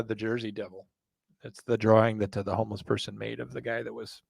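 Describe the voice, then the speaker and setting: Male podcast host, gravelly, self-deprecating rambler, dry close recording. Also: medium pitch, darkish tone, dry recording. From northern United States. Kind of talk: casual chat.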